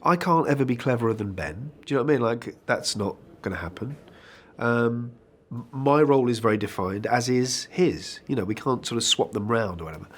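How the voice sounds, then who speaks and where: A man's voice: medium pitch, animated, a little fast. A man speaking as an actor being interviewed about his work. He talks in a candid, chatty way, often restarting phrases and adding asides. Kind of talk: conversational interview answers.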